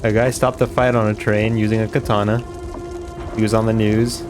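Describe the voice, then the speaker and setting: Low flat-voiced man streaming over game music. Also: brisk. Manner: rambling, filler-heavy storytelling. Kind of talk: casual chat while gaming.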